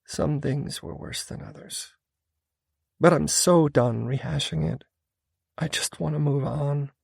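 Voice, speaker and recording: A man voicing a wounded, stubborn young woman in an audiobook, pleading and anguished, sometimes yelling. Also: on the high side, a little slow, creaky, breathy edge, no echo, studio quality, pitched above the performer's own voice, exaggerated voice. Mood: tearful. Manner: pleading and anguished, rising to yells. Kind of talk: audiobook character voice.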